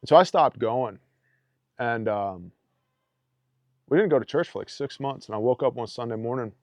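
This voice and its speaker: A man's voice: medium pitch, expressive, normal speed, darkish tone, dry recording. A man casually telling a personal story in a blunt, emphatic way, often tossing in "man". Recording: dull, dry lo-fi podcast audio.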